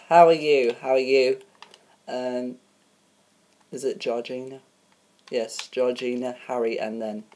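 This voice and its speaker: With a bass voice and darkish tone, a woman hosts a homemade spoof TV show. She's casual and hesitant, filling her speech with ums and uhs and stumbling over names.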